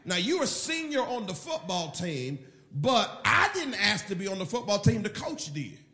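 A man's voice: high voice, bright, forceful tone, echoey room. A middle-aged man, a pastor, preaching a sermon with emphatic storytelling. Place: church.

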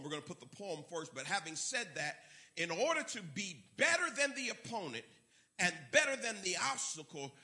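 A man's voice: high-pitched, bright, forceful tone. A man preaching a sermon, emphatic and repeating key words for effect. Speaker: pastor.

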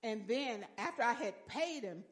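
An older woman giving a folksy church testimony with lively storytelling and exclamations of praise. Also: a little high, unhurried.

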